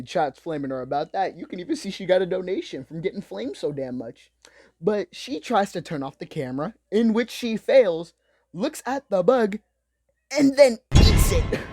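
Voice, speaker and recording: A man's voice: high voice, lively intonation, measured pace, darkish tone. A young man giving a comedic, profane, slangy recap of an anime. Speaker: commentary host.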